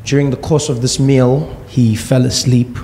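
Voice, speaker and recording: A man from Africa telling a comic personal story with wry, deadpan asides. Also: medium pitch, unhurried, slight background noise.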